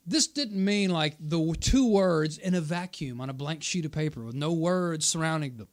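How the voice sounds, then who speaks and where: A man's voice: a little high, normal speed, few pauses. A man hosting his own channel, reviewing a debate in casual commentary, arguing at length and answering viewer comments as he goes. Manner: argumentative, explains at length, repeats points for emphasis.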